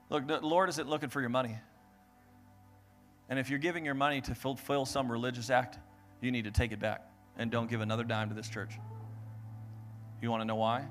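A young adult man preaching a sermon, telling stories and acting out voices with lively delivery. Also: medium pitch, a little fast, long pauses, faint music behind. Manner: animated storytelling, acts out voices. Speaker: pastor.

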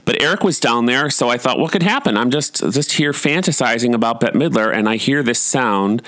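A middle-aged man telling a long personal story in a casual, animated way, rambling, swearing freely and laughing at himself. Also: mid-range voice, a little fast, dry recording.

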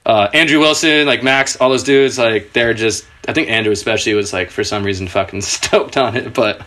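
Speaking a little fast in a pushed, bright voice, this man in his thirties is a skateboarder guest on a podcast. He shares laid-back, profane tales in a casual storytelling style, laughing along, and lifts his pitch sharply whenever he quotes someone.

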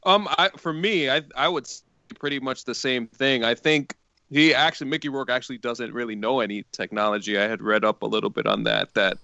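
A man's voice: mid-range voice, a little fast, vocal fry, sharp tone, no room sound. A man on a casual group discussion panel, hesitant as he starts his points. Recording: dull, dry lo-fi audio.

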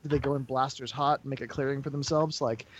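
A man plays a tabletop role-play and thinks through his plans aloud. He pauses with hesitant fillers as he speaks. His voice sits in a middle register. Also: medium pitch, fairly even intonation, breathy edge, highs cut off. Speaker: player.

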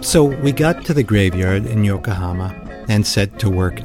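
A low-pitched man tells a personal story with a practiced storyteller's pacing and color. He gives the people in his tale their own voices, and quiet music sits beneath. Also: expressive, moderate pace. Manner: vivid storyteller, acts out quoted voices.

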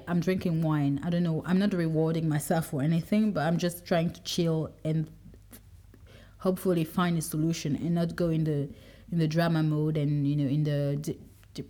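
A woman's voice: low-pitched, dark tone. A young adult woman hosting her own podcast, talking through her day in a reflective, rambling way, with many fillers and restarts. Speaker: podcast host. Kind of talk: casual personal podcast monologue.

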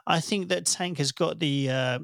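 A man's voice: fairly high pitch, a little slow, creaky, fairly bright tone, dry recording, studio quality. A man, co-hosting a casual podcast, laughing often and telling stories animatedly. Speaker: podcast co-host. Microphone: podcast microphone.

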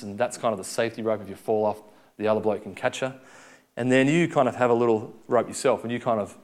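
A young man preaching a sermon, telling a story in a conversational way and acting out the quotes. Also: mid-range voice.

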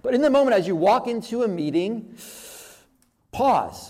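A male pastor giving a sermon in a relaxed, conversational way, often acting out people's inner thoughts and repeating words as he goes. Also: high voice, moderate pace, long pauses. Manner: conversational, animated, with many restarts and acted-out inner thoughts.

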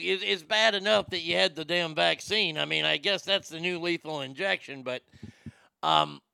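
A man's voice: high-pitched, creaky, pushed and bright, clear, resonant tone, no echo. A man hosting a talk show, giving casual news commentary that rambles and stammers, with crude joking asides.

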